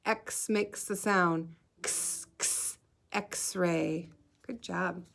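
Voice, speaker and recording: A woman teaching a phonics lesson to young children, sounding out each letter slowly and clearly and encouraging them to join in. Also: on the low side, fairly even intonation, fairly bright tone. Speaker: kindergarten teacher.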